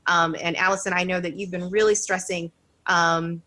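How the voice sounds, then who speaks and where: A woman's voice: lowish voice, little pitch movement, normal speed, noisy background. A woman photographer joining as a guest, speaking in an upbeat, encouraging way. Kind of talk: casual interview chat.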